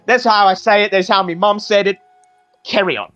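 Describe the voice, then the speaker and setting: A man's voice: high voice, steady tone, a little fast, dull audio, faint music behind. A man putting on a hearty Aussie sailor. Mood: jovial. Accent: Australian. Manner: loud, jovial, slangy. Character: swaggering male Australian sailor, hearty.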